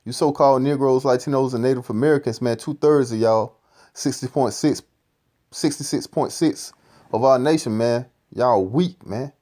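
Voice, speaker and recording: A man's voice: mid-range voice, moderate pace, mellow. A man giving profane, ranting scripture commentary, repeating "man" at the end of phrases. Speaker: street-style preacher commenting on a clip.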